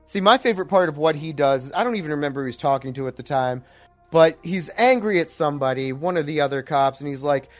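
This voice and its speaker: A man co-hosting a casual movie podcast, chatting bluntly and shouting out emphatic quotes from scenes. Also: fairly high pitch, expressive, fast, soft background music. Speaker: podcast co-host.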